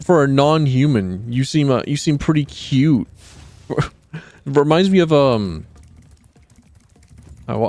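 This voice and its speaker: A man's voice: medium pitch, a little mellow. A man streaming a video game, giving rambling, sarcastic commentary with frequent restarts. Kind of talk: casual gameplay commentary.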